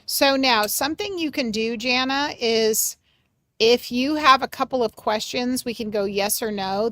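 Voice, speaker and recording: A woman hosting a live mediumship reading for her chat, gentle and reassuring, searching for words with many pauses and fillers. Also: a little high, no echo. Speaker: medium and livestream host.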